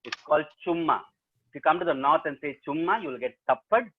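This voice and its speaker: South Indian male storyteller, higher-pitched voice, playful and teasing, on a video call with a tinny, phone-like sound. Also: lively intonation, fast, breathy edge. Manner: playful, teasing, talks straight to the audience. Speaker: professional storyteller. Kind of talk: interactive storytelling webinar. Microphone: laptop mic over a video call.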